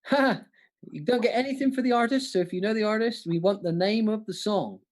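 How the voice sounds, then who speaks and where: A panto comic co-hosting a livestream music quiz, jokey and chatty, often stumbling and restarting. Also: male voice, high-pitched, fairly quick, a little mellow.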